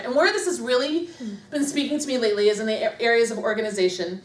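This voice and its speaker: High-voiced woman in an echoey room. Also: fast. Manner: self-deprecating and humorous, laughing often. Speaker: motivational speaker at a business leadership meeting. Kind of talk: live talk to an audience. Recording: echoey room, mic far off, faint noise.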